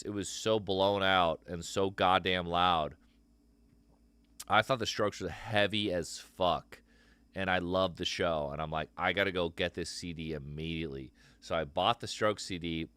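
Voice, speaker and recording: A man's voice: deep voice, fairly bright tone, no room sound. A man hosting a live stream and taking callers, talking in a loose, profane, rambling way. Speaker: host taking live calls. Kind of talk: casual live-stream chat. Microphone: streaming mic.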